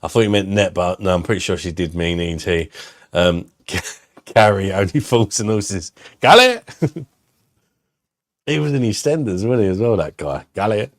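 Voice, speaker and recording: A man's voice: low voice, moderate pace, no echo. A man hosting a casual live stream, bantering and joking crudely with viewers. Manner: banter-heavy, jokey and crude.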